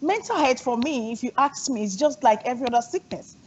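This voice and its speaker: A woman's voice: high-pitched, lively intonation, brisk, a little mellow, a little hiss or hum. A woman hosting a talk show, affirming and steering the conversation. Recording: dull lo-fi sound.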